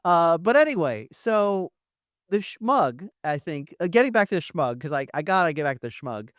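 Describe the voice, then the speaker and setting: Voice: mid-range voice, very animated, normal speed, dry recording, clean studio sound. Chatty, laughing podcast voice. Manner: chatty, laughs often, hedging. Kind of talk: casual chat.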